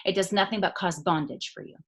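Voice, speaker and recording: A woman giving an emphatic motivational talk on a video call, swinging from loud to hushed. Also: on the low side, fast talker. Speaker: network marketing leader speaking on a call.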